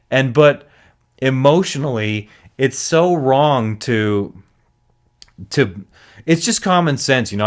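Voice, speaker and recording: Male podcast host, low voice, earnest and reflective, freewheeling with restarts. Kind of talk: solo reflective monologue.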